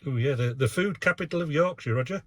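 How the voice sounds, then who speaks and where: A man's voice: on the high side, fast talker, slight background noise. A man running an amateur radio net from his vehicle, chatting casually and reading out call signs with many filler uhs. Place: in a vehicle, operating mobile.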